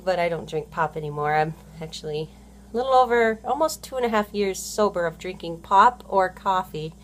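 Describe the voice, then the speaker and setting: A woman's voice: fairly low pitch, animated, moderate pace. A woman, a stay-at-home mom talking in a casual vlog monologue that rambles and corrects itself, full of "you know". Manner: rambling, heavy use of "you know" fillers, self-correcting.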